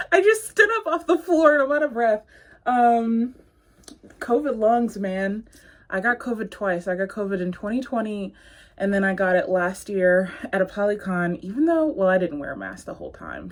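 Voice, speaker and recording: A woman's voice: mid-range voice, a little mellow. A young adult woman vlogging casually about her bookshelf, rambling and chatty with frequent fillers, talking in a room at home. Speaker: book vlogger. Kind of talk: casual chat.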